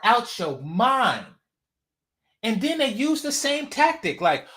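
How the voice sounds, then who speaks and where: With a very high, sharp, and highly animated voice, this San Francisco Bay Area commentary host moves at a slow pace. The man's monologue is casual and profane, and he mocks and repeats phrases for emphasis.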